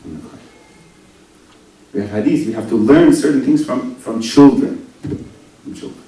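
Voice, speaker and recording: A man preaching a sermon, swinging between loud rising lines and soft low asides, often asking the audience questions. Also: normal speed, slight background noise. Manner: animated, rising and dropping to near whispers, asks the audience questions. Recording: very echoey hall, voice from a distance.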